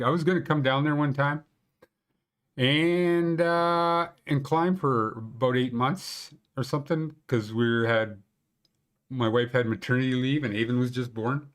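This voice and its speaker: Hosting a laid-back live stream on ski conditions around Banff, this man chats with viewers in a rambling, joking way, full of filler words. His voice sits at a medium pitch.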